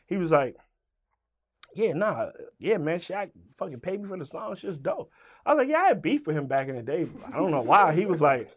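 A middle-aged man from Richmond, Virginia, telling an animated story as an interview guest. His voice sits a bit high for a man. He swears freely and acts out every side of the dialogue himself. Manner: profane, acts out both sides of dialogue.

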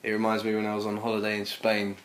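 A man's voice: lowish voice, completely flat delivery, quick pace. A man co-hosting a podcast, teasing his co-host and pulling the chat back on topic. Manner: teasing, dry, keeps steering back to the question. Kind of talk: casual chat. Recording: echoey room.

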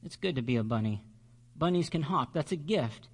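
A man's voice: on the high side, animated, normal speed, breathy edge. A man voicing a lonely young male bunny in a storybook, plaintive and sniffling. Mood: wondering.

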